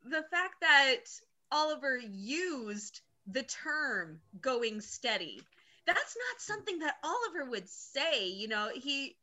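A woman co-hosting a casual movie discussion, playful and quick to laugh. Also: sits high, very animated, bright, forceful tone. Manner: unhurried, playful, laughs often.

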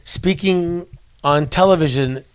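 Guest interview voice: man in his forties, from Canada, a bit high-pitched, rambling anecdotes. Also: measured pace, clear, resonant tone. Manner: chatty storyteller with many restarts. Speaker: guest, former wrestler. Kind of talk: casual interview chat. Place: wrestling convention in New York.

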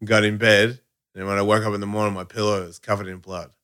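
A man co-hosting a casual podcast chat, swearing freely and telling stories with lots of quoted dialogue, jumping high in pitch whenever he quotes someone. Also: quick pace, smooth. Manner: profane, animated, jumps high when quoting people.

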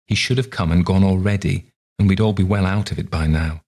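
A man's voice: low voice, a little fast, darkish tone, husky. A man voicing a strange, dreamy old woman in a tower who talks cryptically, half to herself, in an audiobook reading. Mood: cryptic.

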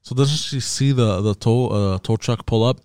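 A man's voice: medium pitch, moderate pace, a little mellow, smooth, no room sound. A man casually telling a long, rambling story with profanity and frequent restarts.

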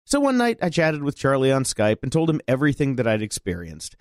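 A man co-hosting a podcast, reading listener letters aloud in an expressive, animated way. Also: mid-range voice, brisk, no room sound, clean studio sound.

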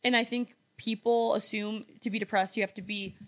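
A woman's voice: medium pitch, fairly even intonation, a little fast, fairly bright tone. Earnest young woman musing casually. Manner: earnest, reflective, self-correcting. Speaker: podcast co-host. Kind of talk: casual chat. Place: apartment.

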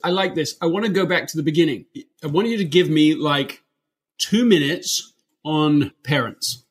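A man's voice: on the high side, moderate pace, husky. A man hosting a podcast interview, introducing guests and asking questions with enthusiasm. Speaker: podcast host.

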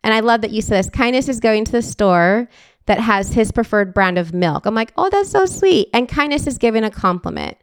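This forties-aged female podcast host shares emotional, sincere stories in a relaxed conversational setting. She talks briskly in a high-side voice that is clear and resonant, recorded dry.

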